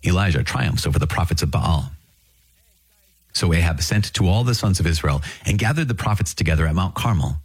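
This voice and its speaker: A man reading scripture aloud in a measured, solemn way. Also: low voice, expressive, husky, no room sound. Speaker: scripture reader.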